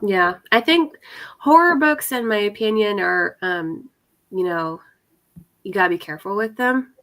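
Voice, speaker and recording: Animated yet measured, a medium-pitched young woman with a fairly bright tone chats casually with friends on a video call. A readathon participant, she fills her talk with laughter and filler words.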